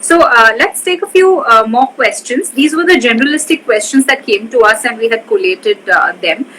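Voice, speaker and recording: A woman's voice: a little high, expressive, moderate pace, fairly bright tone, slight background noise, poor audio. A woman interviewing a pageant guest over a live video call. She is effusive and fills the talk with affirming remarks.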